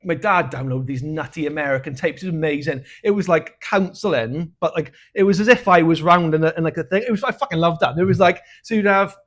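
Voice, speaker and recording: A man's voice: on the high side, fast, hardly any pauses. Sweary Welsh man telling stories. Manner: frank, sweary, laughs at his own dark humour. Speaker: podcast co-host. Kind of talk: casual storytelling chat.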